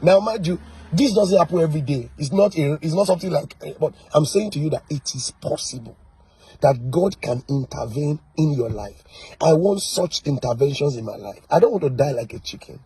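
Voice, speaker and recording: A man preaching a sermon, emphatic and full of rhetorical questions, swinging between loud and soft. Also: fairly high pitch, lively intonation, fairly quick, husky, dry recording, rough recording. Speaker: pastor.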